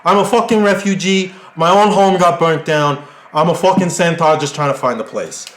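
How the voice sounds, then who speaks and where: A man's voice: a little high, moderate pace, echoey room, natural voice. A man playing an angry swearing centaur refugee. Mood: indignant. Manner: shouting, swearing, indignant. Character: angry foul-mouthed male centaur refugee.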